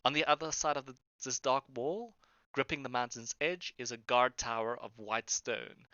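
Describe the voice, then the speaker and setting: A man narrating as game master, describing scenes with many pauses and restarts. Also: medium pitch, bright, forceful tone, no room sound, dull audio. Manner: hesitant, with fillers and restarts while describing.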